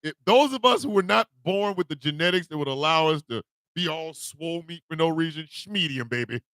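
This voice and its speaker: A man hosting a morning radio show, telling comic confessions with put-on voices and loud, laughing bursts. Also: a little high, brisk, no room sound. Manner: animated storytelling with put-on voices. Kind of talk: comedic radio monologue.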